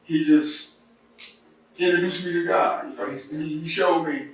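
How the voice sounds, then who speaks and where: A middle-aged man telling his life story in an interview, heartfelt and halting, often repeating words. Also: fairly high pitch, fairly even intonation, creaky. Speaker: interviewee giving testimony. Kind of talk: personal testimony interview. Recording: echoey room, distant mic, faint noise.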